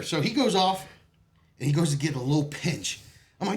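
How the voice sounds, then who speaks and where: At medium pitch and a normal pace, a man swaps old service stories in a relaxed podcast conversation. He's animated, curses freely, and laughs often as he tells his tales.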